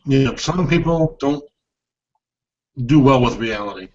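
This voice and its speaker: A man's voice: mid-range voice, lively intonation, unhurried, a little mellow. A man co-hosting a casual podcast, reacting with short comments and laughs. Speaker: podcast co-host. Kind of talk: casual chat. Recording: dull lo-fi recording.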